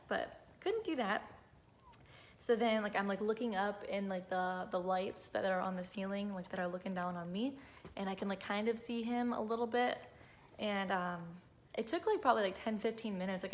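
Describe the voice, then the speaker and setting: A woman in her twenties telling a personal story to camera in a chatty, emotional way, full of "like" and "um". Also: medium pitch. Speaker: vlogger.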